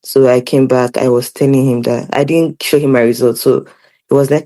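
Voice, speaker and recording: A young woman, a podcast guest telling animated, laughing stories from her childhood. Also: a bass voice, normal speed. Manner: lively, laughing, animated storyteller. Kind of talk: casual storytelling chat.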